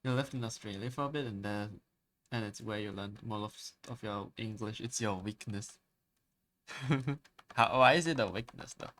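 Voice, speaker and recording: A man hosting a relaxed art stream, chatting casually and reacting to viewer comments. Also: lowish voice, normal speed, a little hiss or hum.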